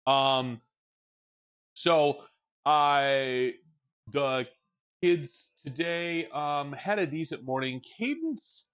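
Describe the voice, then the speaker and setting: A man's voice: mid-range voice, fairly bright tone, dull audio. A man with a young child streams from home, chatting casually in a rambling, frank way and swearing freely into a desk mic. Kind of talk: casual chat while livestreaming.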